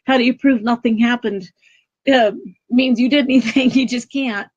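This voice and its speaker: A woman guest telling a personal spiritual story in an earnest, emotional, halting way. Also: on the high side, fairly even intonation, highs cut off.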